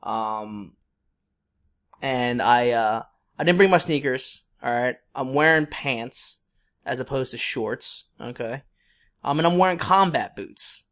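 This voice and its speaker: A man's voice: mid-range voice, lively intonation, slow, a bit bright. A young man co-hosting a podcast, telling a long story in a casual, rambling way with many fillers and restarts. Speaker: podcast co-host.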